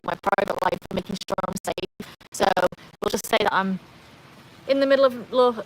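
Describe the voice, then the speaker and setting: A woman from North Wales chatting casually on a livestream, reading out viewer comments in a relaxed, self-deprecating way, recorded outdoors by a pool on a phone with no external mic. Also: medium pitch, noisy background. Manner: chatty, self-deprecating, walks around the yard. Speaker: livestream host.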